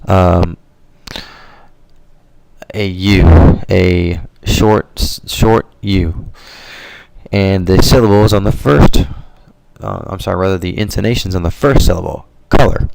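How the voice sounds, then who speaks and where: A man teaching Spanish vocabulary over a slideshow in a relaxed, explanatory way, correcting himself as he goes. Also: deep voice, slow, vocal fry, noisy background. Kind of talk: slideshow language lesson.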